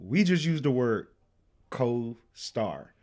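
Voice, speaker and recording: A man's voice: medium pitch, animated, moderate pace. A young man co-hosting a podcast in casual chat, rambling with stammered restarts and plenty of slang and cursing. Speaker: podcast co-host.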